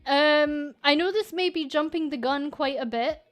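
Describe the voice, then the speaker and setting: High-voiced Scottish woman on a casual livestream. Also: normal speed, fairly bright tone, faint music behind. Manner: frank, joking, full of fillers and restarts. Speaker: VTuber and agency manager.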